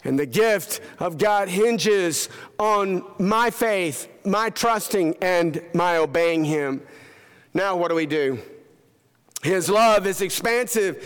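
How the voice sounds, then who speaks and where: Male preacher, emphatic sermon delivery, high-pitched and unhurried. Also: smooth, in a large hall. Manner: emphatic, with dramatic pauses and falls in pitch.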